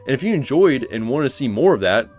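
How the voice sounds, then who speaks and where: A man's voice: mid-range voice, very animated, quick pace, a little mellow. Young man, gaming YouTuber, casual blunt game commentary, mid-range voice, faint background music. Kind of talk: casual game analysis narration with live play reactions.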